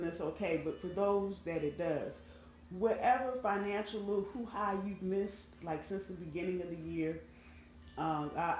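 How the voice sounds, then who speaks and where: Laying out cards, a tarot reader speaks to the audience in an easy, colloquial manner, the voice medium in pitch and somewhat dark. It's a roomy recording with quiet music in the background.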